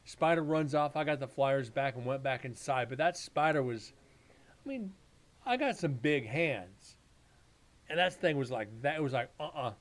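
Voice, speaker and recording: A man's voice: mid-range voice, lively intonation, normal speed. A man hosting a live paranormal stream, telling rambling, profane stories in casual chat.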